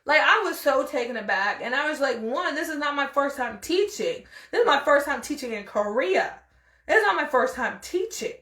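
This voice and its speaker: Animated high-voiced woman telling a story. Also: moderate pace, roomy sound. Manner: animated, exasperated storytelling with quoted dialogue. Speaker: podcast host. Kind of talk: casual storytelling.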